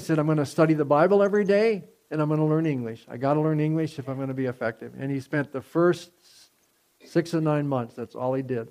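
Gravelly-voiced man preaching a sermon. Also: fairly high pitch, quick pace, darkish tone. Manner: conversational, many fillers and restarts, rising in intensity. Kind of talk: sermon storytelling. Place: church before a congregation.

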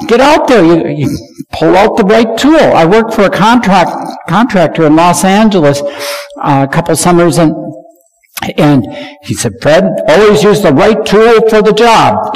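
Animated, restarting preacher in a reverberant hall. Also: male voice, sits high. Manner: animated, repeats words and restarts often. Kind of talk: sermon.

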